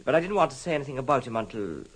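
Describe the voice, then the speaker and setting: An actor playing an anxious, formal gentleman worried about his look-alike cousin, in an old radio drama. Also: medium pitch, sing-song, very fast, husky, low-quality recording. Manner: hesitant, earnest, formal. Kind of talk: 1950s radio drama acting.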